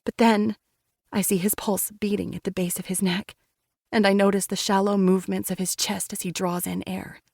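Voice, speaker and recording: A woman's voice: mid-range voice, level tone, normal speed, creaky, a little mellow, dry recording, clean studio sound. Woman narrating a dramatic audiobook. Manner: dramatic, intense reading. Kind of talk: first-person romance audiobook narration.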